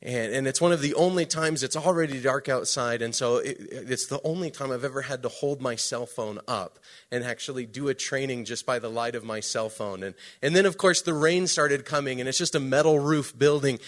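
A man preaching a sermon, telling a story with emphatic swings between loud and hushed delivery. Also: medium pitch, fairly quick. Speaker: pastor.

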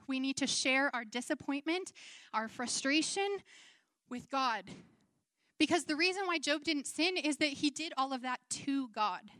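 A woman's voice: sits high, fairly bright tone, no room sound, studio quality. A woman preaching a sermon in an earnest, conversational way, acting out quoted feelings.

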